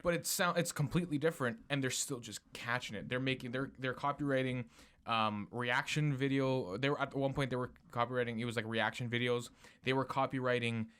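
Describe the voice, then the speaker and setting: A man co-hosting a casual podcast, talking in animated bursts, swearing often and laughing. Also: medium pitch, a little fast, clear, resonant tone. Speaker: podcast co-host.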